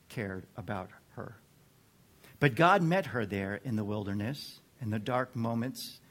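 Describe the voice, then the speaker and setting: A man preaching a sermon to a group of men, earnest and measured, dropping to a hush and then building to fervent emphasis. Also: medium pitch. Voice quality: drops to a near whisper at times. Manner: slow, earnest delivery with dramatic swings from hushed to fervent.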